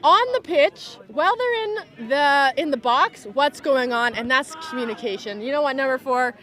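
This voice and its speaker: A woman's voice: sits high, expressive, normal speed, sharp tone. A woman doing live sports commentary at an outdoor tournament, chatty and enthusiastic, cheering players on by name.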